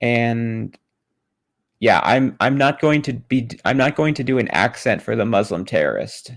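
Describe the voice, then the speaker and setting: A male streamer giving sarcastic running commentary as he reads, deadpan and mocking, often restarting his sentences. His voice is gravelly with creaky fry and a mid-range pitch. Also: moderate pace. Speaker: streamer reading a book aloud.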